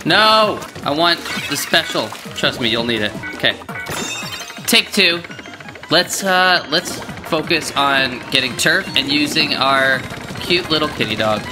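A gaming video creator commentating their own play, reacting with yelps, groans and quick outbursts. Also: medium pitch. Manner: excitable, yelps and groans at game events. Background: game music.

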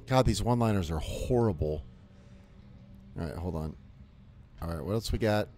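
Brief: male game streamer, animated, chatty, swears, faint noise behind. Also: low-pitched, normal speed. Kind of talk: casual live game commentary.

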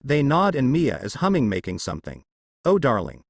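A man narrating a fanfiction story aloud. His voice is mid-pitched and moves lively up and down. The recording is close and dry. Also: fairly quick, gravelly, dry recording. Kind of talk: fanfiction reading.

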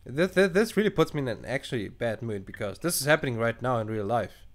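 A young man who isn't a native English speaker hosts a gaming channel, giving casual let's play commentary in a fast, mid-range voice. He's animated, swearing as he reacts and thinking aloud while reading the choices.

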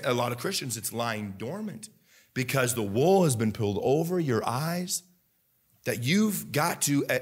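A male pastor with a Midwestern American accent and a slightly rough voice preaches a sermon, moving from low, earnest talk to loud, fervent bursts. He often halts and restarts, with many fillers.

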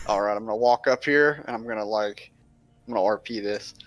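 A man's voice: fairly low pitch, brisk, a bit bright. A young man playing a tabletop game, blunt and brash. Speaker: player.

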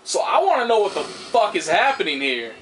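A young man with a high, bright, sharp voice rambles through casual let's-play commentary on a video game, grumbling and swearing when frustrated. His pitch swings widely and he talks a little fast. Faint game sound hums in the background, with a little hiss or hum.

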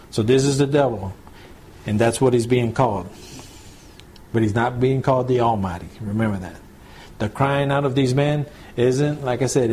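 A man preaching at a relaxed, conversational pace in a small home-church setting. His voice is mid-pitched and mellow, and he often checks that his listeners are following. A faint hiss sits beneath the recording. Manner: conversational, checks in with listeners, slows to read scripture. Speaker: pastor. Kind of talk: home church Bible teaching.

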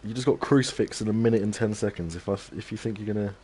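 Cocky streamer, low and dark. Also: male voice, racing, slight background noise. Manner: cocky trash talk to chat. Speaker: gaming streamer. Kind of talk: live game stream commentary.

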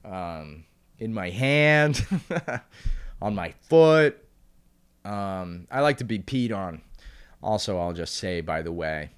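An American man talks through a loose, deadpan comic monologue, recording by himself on camera. His pitch moves around a lot as he wanders off on asides and trails off mid-thought. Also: slow, long pauses, clear, resonant tone. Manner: rambling, with dry asides and self-interruptions. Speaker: podcast host and stand-up comedian. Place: room at home, recording alone on camera.

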